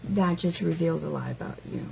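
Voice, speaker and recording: A woman's voice: deep voice, a little fast, vocal fry, dark tone, slight background noise, rough recording. A woman hosting a casual live stream who mocks her target with taunting rhetorical questions, stretching out words as she goes.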